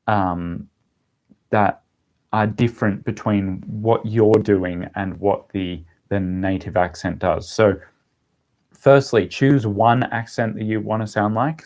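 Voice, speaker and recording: A young man casually chatting on a livestream and answering viewer questions, rambling with lots of ums. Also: fairly low pitch. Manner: relaxed, rambling, with frequent ums and laughs. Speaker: language-learning YouTuber answering live chat.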